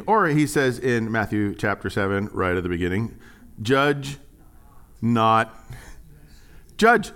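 Animated male pastor preaching. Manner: animated, jokey, swings from quiet asides to loud high exclaims. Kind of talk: sermon.

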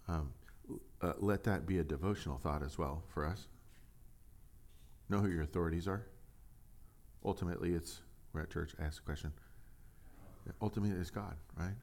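A man's voice: deep voice, moderate pace, pauses often, a little mellow. A pastor giving a casual, conversational sermon, reading scripture aloud and asking his listeners rhetorical questions.

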